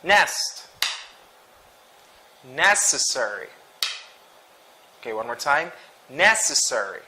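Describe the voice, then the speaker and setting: A man teaching English pronunciation, reading sight words slowly and twice each, with short explanations. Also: medium pitch, big pitch swings, noisy background. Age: adult. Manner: slow and deliberate, repeats each word twice with brief explanations.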